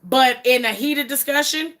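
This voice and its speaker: A woman, chatting bluntly and profanely to a live-stream audience, sometimes dropping to a low, quiet voice. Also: moderate pace. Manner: blunt and profane, with quoted asides; drops to a low, quiet voice in places. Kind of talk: casual live-stream chat.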